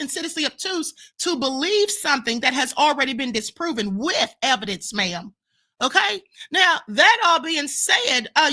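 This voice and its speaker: A woman's voice: high-pitched, bright, forceful tone. A woman hosting a live-stream commentary show, answering viewer comments in an emphatic, lecturing way and often ending points with "okay?" and "ma'am".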